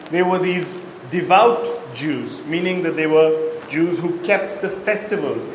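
A man's voice: sits high, slight background noise. A man preaching a sermon, reading Bible verses aloud and explaining them to the congregation. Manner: expository Bible teaching with verse readings and asides. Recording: echoey hall, faint ambience.

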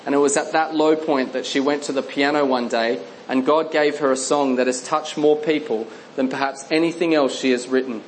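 A man reading a Christian memoir aloud as narrator, measured and earnest, slowing on key phrases. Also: medium pitch, fairly even intonation, a little hiss or hum, low-quality recording.

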